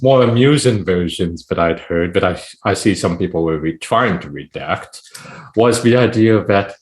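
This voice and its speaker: A man guesting on a podcast as a poet, talking in a rambling, animated way full of "it's like, you know". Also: low-pitched, moderate pace. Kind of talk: casual podcast chat.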